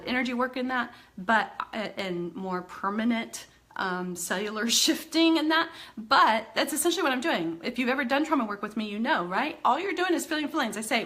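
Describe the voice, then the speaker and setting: A woman energy healer teaching tapping in a live online video. Her voice sits a little high and rings bright and forceful. She is animated, slips into her clients' voices and laughs often.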